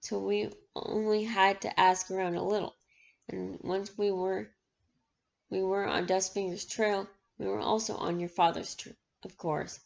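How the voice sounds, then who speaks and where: A woman voicing a soft-spoken menacing thug. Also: mid-range voice, flat delivery, unhurried, vocal fry. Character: menacing adult male gang thug. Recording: dull lo-fi recording.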